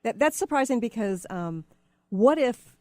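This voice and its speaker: A woman's voice: a little high, expressive, unhurried, darkish tone, dry recording, studio quality. A woman hosting a talk radio interview, giving brief affirmations and asking probing follow-up questions. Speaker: radio show host.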